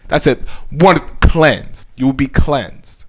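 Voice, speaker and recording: Speaking slowly in a mid-range voice, with a little hiss or hum in the audio, a young male YouTuber tells the story of his faith. He sounds earnest and heartfelt, chatting conversationally with many fillers.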